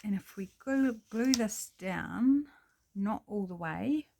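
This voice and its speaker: A woman's voice: mid-range voice, expressive, slow, vocal fry, warm tone, slight background noise. A woman hosting a casual crafting tutorial at her table, thinking aloud and apologizing with self-deprecating chatter as she works. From New Zealand.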